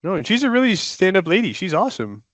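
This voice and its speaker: A man playing a tabletop game, chatting in an excitable, expressive way. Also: high voice, fast, no echo. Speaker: player. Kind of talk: casual game chat.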